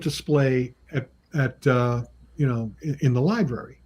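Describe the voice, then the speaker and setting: A comic book writer and artist, here as a guest, shares casual anecdotes in a somewhat slow, slightly mellow, slightly rough voice. Chatty throughout, he laughs often between remarks and performs quoted people with pitch jumps.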